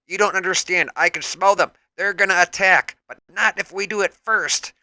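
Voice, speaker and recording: A high, alarmed feral mutant girl, as a man puts her on, jumpy and wild. She blurts out warnings in urgent bursts, in a bright, hard-edged voice on a dry recording. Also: normal speed, dry recording, exaggerated voice. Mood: panicked. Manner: urgent, panicky shouting.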